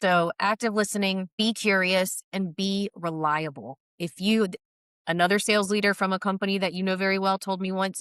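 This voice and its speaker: A woman's voice: medium pitch, fairly even intonation, moderate pace, a bit bright, smooth, dry recording, studio quality. A woman guest on a podcast, talking casually and listing her points, often checking in with "right?". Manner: chatty, lists points, uses "right?" often.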